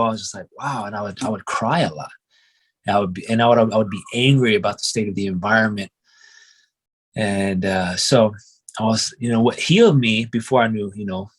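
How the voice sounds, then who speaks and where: A young man, a qigong and breathwork instructor, telling his life story in a casual, reflective way, often saying "you know" and "man". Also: lowish voice. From United States (grew up in Oregon).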